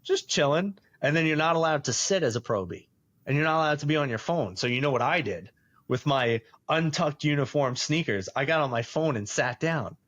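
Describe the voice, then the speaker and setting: This podcast host's voice sits on the high side and moves a little fast over a dry recording. Telling a personal story casually, he is animated, laughs a lot, and acts out the voices he quotes.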